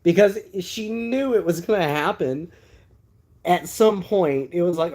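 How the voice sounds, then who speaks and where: A man's voice: high-pitched, lively intonation, a little slow, a little mellow. A man in his thirties from Texas, host of a livestream, telling a personal story casually with many asides and fillers. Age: 30s.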